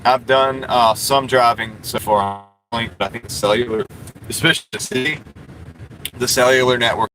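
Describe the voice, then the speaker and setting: A man livestreams from a parked car, chatting casually with viewers, reading comments, and rambling with plenty of fillers. His medium-pitched voice is bright and forceful at a moderate pace, on a rough recording with slight background noise.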